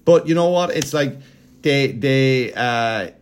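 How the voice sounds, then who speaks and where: A man's voice: medium pitch, expressive, slow pace, clean tone. A man hosting a podcast, telling a story in a rambling, profane, casual comedic way, with mocking impressions. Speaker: podcast host.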